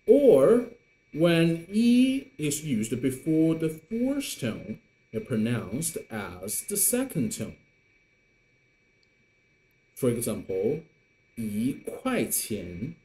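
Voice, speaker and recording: Slow, lively-voiced male Mandarin teacher. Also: a little high, slight background noise. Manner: slow, deliberate modelling of tones with repetitions. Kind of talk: online language lesson.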